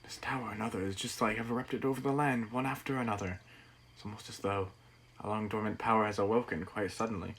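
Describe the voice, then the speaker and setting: A man's voice: fairly low pitch, fairly even intonation, fast talker, a bit bright, a little hiss or hum, poor audio. A man voicing a mysterious old man from a game, reading the dialogue aloud in a put-on accent. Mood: grave, measured.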